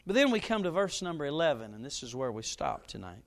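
A middle-aged man, a pastor, preaching a sermon and telling a story, his voice now and then jumping up loud. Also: a little high. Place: church.

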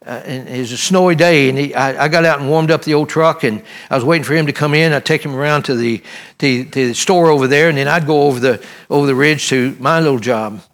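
Older preacher man, halting and folksy. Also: fairly high pitch. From Tennessee, United States. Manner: halting, repeats himself, folksy, emotional. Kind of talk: sermon with personal story.

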